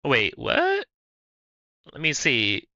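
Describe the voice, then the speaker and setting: A man's voice: mid-range voice, huge pitch swings, very slow, pushed and bright, no echo, highs cut off. A man hosting a livestream, casually chatting with viewers in a playful, rambling way. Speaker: livestream host. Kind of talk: casual chat answering viewers.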